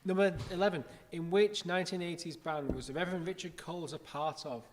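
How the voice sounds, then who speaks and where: A man in his thirties hosting a casual livestream quiz, brisk, chatty and joking, recorded in a church building. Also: high-pitched, steady tone. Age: 30s. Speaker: quiz host. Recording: long reverb with faint noise.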